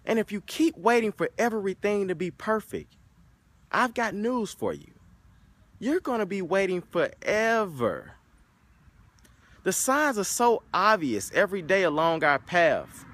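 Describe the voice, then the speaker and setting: A man's voice: sits high, big pitch swings, a little slow, a bit bright, no room sound. A man giving an emphatic motivational talk that opens with a told story. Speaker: motivational speaker.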